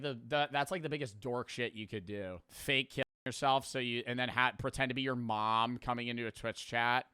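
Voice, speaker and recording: A young man who streams, talking bluntly and casually with lots of fillers and swearing. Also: medium pitch. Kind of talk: casual storytelling and reflection.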